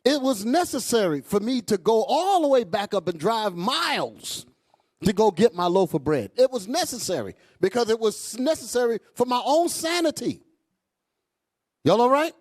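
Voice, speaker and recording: Speaking at a moderate pace, an American preacher works through a heated sermon full of profanity. His delivery is loud and lively with big highs and lows, and he keeps checking in with the congregation by asking "y'all all right?"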